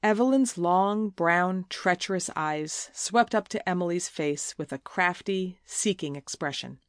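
Audiobook narrator: woman, lowish voice, measured scripted reading, dry close sound. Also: animated, no room sound.

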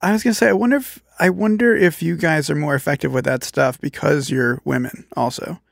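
Guy co-host chiming in, thoughtful, gravelly fry in his voice, dry mic. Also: a little high, fairly even intonation, fairly quick, dry recording. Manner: thoughtful, explains others' behavior. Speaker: podcast co-host. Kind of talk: casual chat.

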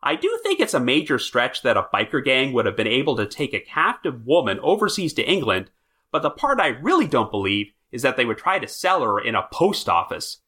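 A man's voice: mid-range voice, huge pitch swings, fairly quick, sharp tone, husky. A man hosting a true crime podcast, reading prepared notes in a wry, storytelling manner. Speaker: podcast host.

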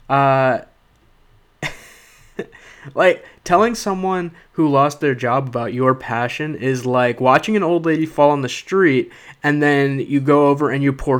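Clear and resonant at a medium pitch, this young comedian's voice carries a meandering, sarcastic monologue aimed at his podcast audience. He leans often on "uh" and "okay?".

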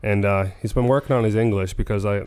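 A man's voice: fairly low pitch, steady tone, fast talker, a little mellow, smooth. A man, a former player, telling joking stories in a casual podcast chat. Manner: loose storytelling, joking. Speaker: co-host, former hockey player.

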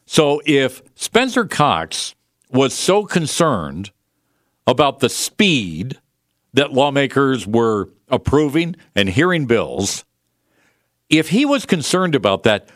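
Male talk radio host, combative and mocking, mid pitch, lively intonation. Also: slow pace, no room sound, clean studio sound. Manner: combative, sarcastic, mocking imitations. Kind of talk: political talk radio monologue.

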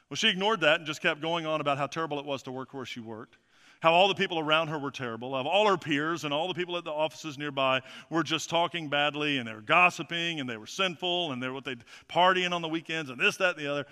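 A man preaching a sermon as pastor, emphatic and repetitive, swinging from loud to quiet. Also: a little high, fast. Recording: reverberant hall.

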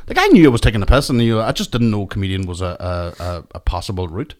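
A man's voice: fairly low pitch, big pitch swings, fast. A man in casual, sweary chat, laughing often as he tells a story from school.

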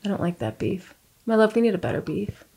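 A woman's voice: mid-range voice, very animated, quick pace, creaky, darkish tone, slight background noise. A woman co-hosting a podcast, telling a playful story in casual chat. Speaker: podcast co-host.

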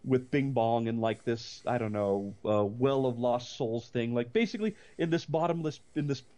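A man, possibly middle-aged, co-hosting a casual movie chat, rambling with many restarts and breaking into animated rants. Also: medium pitch, normal speed. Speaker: podcast co-host.

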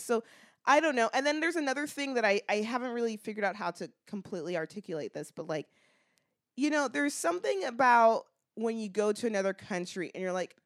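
A woman's voice: fairly high pitch, animated, a little fast. An American woman co-hosting a podcast, talking in a casual, reflective way with lots of "like" fillers. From United States. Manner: chatty, many "like" fillers, reflective. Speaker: podcast co-host. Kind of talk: casual chat.

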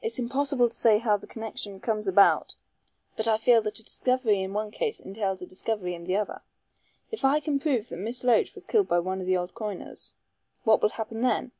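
A woman reading the part of a shrewd male investigator who explains his case in a measured, earnest way. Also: mid-range voice, warm tone, dry recording, natural voice. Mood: determined.

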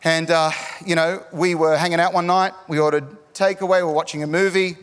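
A middle-aged Australian man preaches with an animated, jokey storytelling manner, pushing up to shouts at the big moments. His voice sits a touch high for a man. It rings out with a long echo, as in a large hall. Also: brisk, clean tone. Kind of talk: sermon with storytelling. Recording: echoey hall.

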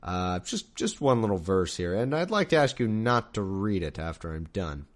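A man's voice: deep voice, sing-song, moderate pace, voice pushed down. A man voicing God as a casual, hesitant fellow who chats in an everyday way. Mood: chummy. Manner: offhand, conversational, hesitant. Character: casual, chummy male God improvising an aside.

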